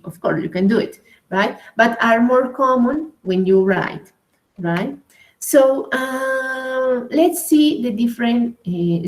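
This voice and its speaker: A woman whose first language is Spanish, teaching an English grammar class at a slow, hesitant pace and often checking in with "right?". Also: medium pitch, darkish tone, low-quality recording.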